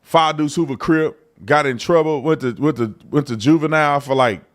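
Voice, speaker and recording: A man's voice: on the high side, moderate pace. A man from Texas with a Texan accent, hosting a live political commentary show in a blunt, mocking, slangy way. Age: adult. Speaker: host.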